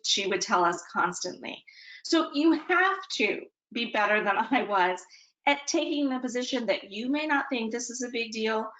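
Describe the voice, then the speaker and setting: A woman's voice: on the high side, a bit bright, echoey room, highs cut off. A woman presenting a parenting webinar in a conversational way, often checking in with her listeners.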